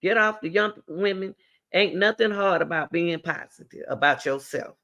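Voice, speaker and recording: A middle-aged woman hosting a talk show gives a caller blunt, emphatic advice, repeating her key words. Her voice is on the low side and a bit bright at normal speed, with the highs cut off.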